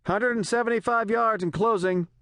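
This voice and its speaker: A male narrator voicing a frightened helicopter pilot who calls out in a strained shout. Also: high voice, moderate pace, no echo, clean studio sound, pitched above the performer's own voice. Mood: tense shouting. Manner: strained shouting over noise.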